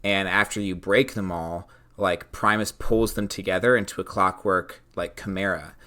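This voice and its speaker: A young man co-hosting a tabletop gaming podcast, brainstorming excitedly with lots of filler words. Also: low voice, normal speed. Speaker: podcast co-host and dungeon master. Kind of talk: casual brainstorming chat.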